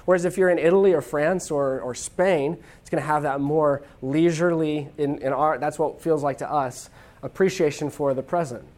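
A lecturer from the United States, giving an informal classroom talk in a chatty way, with quick asides and checks like "okay?". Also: medium pitch, steady tone, darkish tone.

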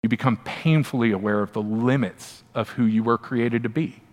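A man, a pastor, preaching a sermon in a conversational, emphatic way, often turning to the listeners with quick asides. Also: mid-range voice, fairly even intonation, darkish tone. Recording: long hall reverb.

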